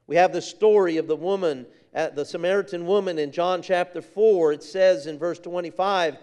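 A man's voice: sits high, normal speed, hardly any pauses, darkish tone. A man preaching a sermon with fervor, repeating phrases for emphasis and reading scripture in King James wording. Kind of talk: sermon with a personal story.

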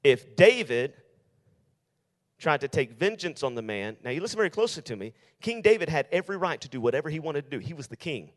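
A man's voice: a little high, big pitch swings, very fast, hardly any pauses, big-room sound. A male youth pastor preaching to teenagers in an emphatic style, repeating his key lines. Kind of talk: sermon.

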